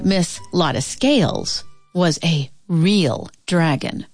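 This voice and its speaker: A woman reads a children's picture book aloud, playful and expressive. Her voice sits fairly low but swoops widely through the phrases. The recording is close and dry with no room sound. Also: unhurried, no echo, faint music behind. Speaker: storybook reader.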